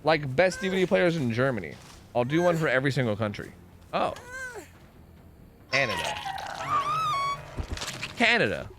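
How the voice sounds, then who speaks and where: A young man streams a game, talking fast in a fairly high, expressive voice over background noise. He chats casually and swears a lot, reacting to play and answering his chat, with plenty of "like" and restarts in his gameplay commentary.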